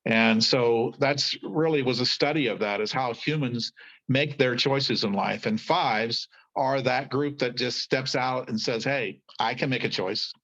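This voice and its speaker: A man's voice: mid-range voice, measured pace, a bit bright, muffled recording. An older man, an author and guest, telling folksy stories in casual conversation, rambling with frequent restarts.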